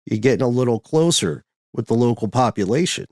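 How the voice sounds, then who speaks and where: A man's voice: mid-range voice, animated, brisk, a little mellow, no room sound, clean studio sound. A man hosting a podcast, explaining history in a conversational, thinking-aloud way. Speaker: podcast host.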